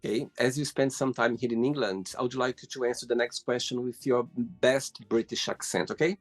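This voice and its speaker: A man's voice: mid-range voice, fairly even intonation, fairly quick, no room sound, faint music behind. A man from Brazil hosting an interview show, friendly and teasing as he asks questions. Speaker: host. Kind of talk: casual interview chat.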